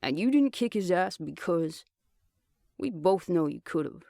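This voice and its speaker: A man voicing a cocky, teasing young male survivor who talks bluntly, with a gravelly edge. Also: high-pitched, expressive, measured pace, mellow, dry recording, clean studio sound, full character voice.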